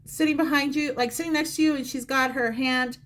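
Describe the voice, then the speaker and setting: A woman's voice: high voice, steady tone, fairly quick, fairly bright tone. A woman giving a psychic reading on a live stream, talking to the viewer directly in a chatty, repetitive way. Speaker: psychic reader. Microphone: phone or close mic on a live stream.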